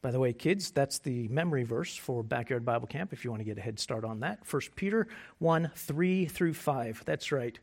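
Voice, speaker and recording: A man preaching a sermon as pastor, conversational and joking, moving between quiet asides and loud emphasis. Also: medium pitch, expressive, moderate pace, hardly any pauses. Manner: conversational and self-deprecating humor.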